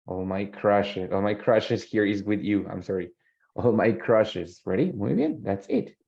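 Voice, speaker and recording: A man, his voice gravelly and dark. He talks patiently, explains in both languages and keeps checking in with his students. The sound is dull and lo-fi, like an online call. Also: on the low side, expressive, normal speed. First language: Spanish. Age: 30s. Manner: patient, repeats phrases and checks in with "ready?". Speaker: English teacher. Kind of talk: online English class, mixing Spanish explanations.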